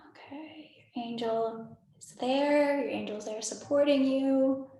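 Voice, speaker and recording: A young woman in her twenties guides a meditation over a video call, her voice soft, soothing and a little high. She repeats gentle reassurances and keeps slipping in casual filler words. The call sounds very echoey, as if she is in a bare, hollow room. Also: slow pace. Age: 20s. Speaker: spiritual meditation leader. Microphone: video call microphone.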